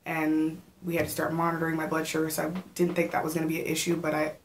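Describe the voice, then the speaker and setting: A pregnant woman in her thirties tells stories in a relaxed home vlog, with a low, gravelly voice that often slips into vocal fry. She chats casually and animates her quoted asides, and she gets short of breath at times. Faint room noise sits under her voice. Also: fast. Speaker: vlogger.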